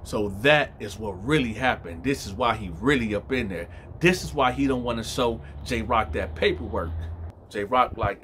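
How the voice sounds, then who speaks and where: A man's voice: medium pitch, normal speed, slight background noise. A man telling a story casually and animatedly, speaking straight to his listeners. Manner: animated, addresses listeners directly.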